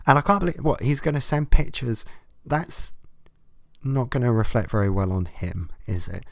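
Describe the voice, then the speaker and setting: A man's voice: medium pitch, animated, moderate pace, gravelly, no room sound, studio quality. A young man doing comedic commentary, reading letters aloud and ranting sarcastically with lots of swearing. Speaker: vlogger.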